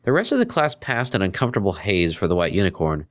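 Brief: male narrator, lowish voice, lively expressive reading. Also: fast. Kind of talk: fan fiction reading.

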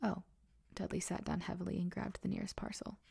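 A woman narrating a storybook in a soft, hushed, steady reading. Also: on the low side, fast, creaky, husky.

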